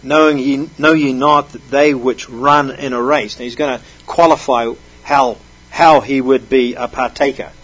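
A man's voice: medium pitch, steady tone, moderate pace, fairly bright tone, slightly rough, muffled recording. A man preaching a sermon, reading scripture aloud and explaining it with emphatic stresses.

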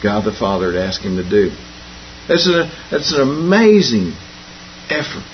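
A man's voice: lowish voice, big pitch swings, measured pace, a little hiss or hum. A man preaching a folksy Bible lesson, repeating and restarting phrases and telling homespun jokes, on a dull lo-fi recording. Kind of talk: folksy sermon.

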